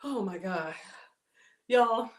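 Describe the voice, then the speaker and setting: Excitable woman, middle-aged, casual livestream cooking host, reads viewer comments aloud. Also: mid-range voice, extremely slow.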